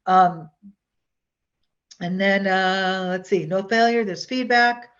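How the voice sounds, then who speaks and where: A woman's voice: mid-range voice, slow, a bit bright. A woman presenting a hypnosis workshop in a chatty, rambling way, with many fillers and restarts. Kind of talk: casual workshop teaching. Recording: dull lo-fi online workshop audio.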